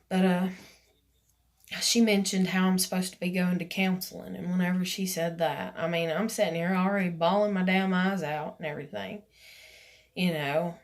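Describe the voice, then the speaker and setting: A woman's voice: on the low side, steady tone, normal speed. A woman, casually telling a personal story in a rambling vlog, full of "you know" and "like", acting out what others said. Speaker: vlogger.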